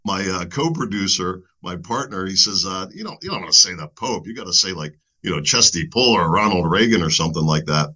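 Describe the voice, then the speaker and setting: A man's voice: sits low, expressive, a little fast, hardly any pauses, bright, forceful tone, husky, lo-fi sound. A man interviewing a guest, asking casual, earnest questions with frequent fillers.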